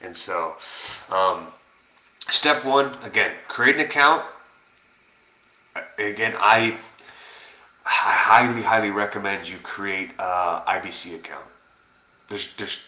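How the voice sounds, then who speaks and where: A man talking casually to camera as a personal finance vlogger, energetic and rambling, coaching viewers with lots of fillers and restarts. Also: fairly low pitch, echoey room, low-quality recording. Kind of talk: casual direct-to-camera talk.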